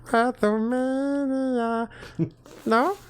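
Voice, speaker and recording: A man's voice: extremely high pitch, fairly even intonation, very slow, pitched above the performer's own voice, exaggerated voice. A man talking in a childish baby voice to tease his co-host. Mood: whiny, teasing. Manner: childish lisping baby talk.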